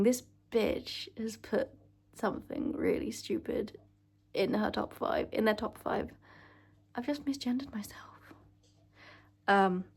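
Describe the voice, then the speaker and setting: Gushing young woman vlogger. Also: mid-range voice. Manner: gushing, emotional, swears freely. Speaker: vlogger ranking films. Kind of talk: casual chat to camera.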